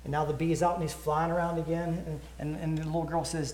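Earnest preacher in echoey church. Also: male voice, on the high side, little pitch movement, quick pace, hardly any pauses, a little mellow. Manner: earnest, repeats words, storytelling. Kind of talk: sermon invitation.

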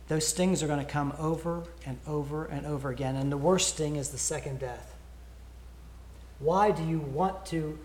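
A man's voice: a little high, normal speed, darkish tone, echoey room, a little hiss or hum. A man giving an earnest sermon invitation, repeating words as he tells a story. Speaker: preacher. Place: church.

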